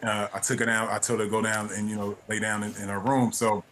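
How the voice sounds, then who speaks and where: A man in his forties, a former basketball player, telling a personal story as a studio guest, relaxed and laughing at his own tale. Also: on the low side, fast, a little hiss or hum. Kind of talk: anecdotal storytelling.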